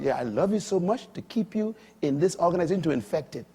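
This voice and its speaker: An older man preaching a sermon, swinging between loud, high emphatic bursts and low, quiet asides. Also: animated, fast talker, breathy edge.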